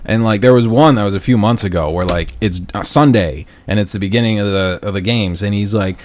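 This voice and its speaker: Animated, swearing man telling a story. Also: lowish voice, a little fast, hardly any pauses. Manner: profane, animated storyteller, loud acted-out quotes. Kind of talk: casual storytelling chat.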